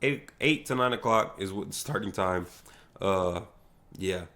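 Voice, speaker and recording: A man's voice: deep voice, measured pace, pushed and bright. Slangy hyped young man on a stream. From United States. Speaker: livestream podcast host. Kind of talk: casual solo commentary.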